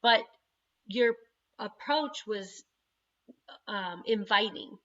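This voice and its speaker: A woman, the parent of an autistic son, chatting casually on a video call and telling stories in an animated way. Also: medium pitch, extremely slow, dull audio. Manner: chatty, animated storytelling with frequent laughs. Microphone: computer microphone on a video call.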